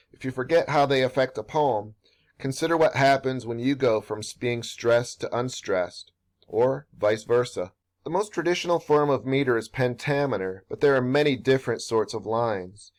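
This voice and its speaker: A man, a professor, narrating a scripted workshop lesson in a measured, explanatory way. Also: mid-range voice. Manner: measured, explanatory, slows down for read-aloud examples. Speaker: professor leading a writing workshop.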